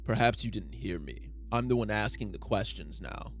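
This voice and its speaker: A man voicing a calm, menacing male stranger, reading manga dialogue aloud over faint music. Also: on the low side, normal speed. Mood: cool.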